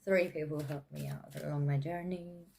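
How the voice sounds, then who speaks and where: A woman's voice: sits low, steady tone, normal speed, creaky, darkish tone, slight background noise. A woman with an English accent giving a casual, chatty tarot reading, with many fillers and frequent laughs. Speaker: tarot reader.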